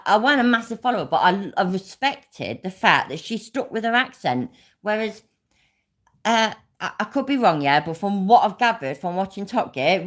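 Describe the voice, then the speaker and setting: Blunt sweary Leicester woman. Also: medium pitch. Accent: Leicester English. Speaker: YouTube host. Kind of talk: casual livestream chat.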